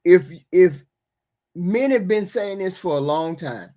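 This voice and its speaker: A woman's voice: fairly low pitch, animated, unhurried, dark tone. Impassioned woman arguing on a livestream. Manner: impassioned, argumentative, repeats herself. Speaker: host. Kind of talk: livestream talk show. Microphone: remote call.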